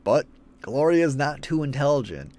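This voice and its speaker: A man's voice: medium pitch, sing-song, normal speed, a little mellow. A man ranting through a film review in a profane, exasperated way.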